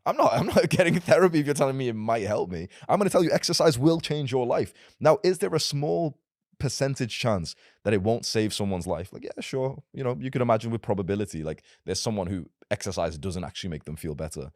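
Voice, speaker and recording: A man's voice: medium pitch, quick pace, darkish tone, no room sound, studio quality. A young man in casual podcast conversation, talking as a self-improvement creator in a blunt, emphatic and provocative way.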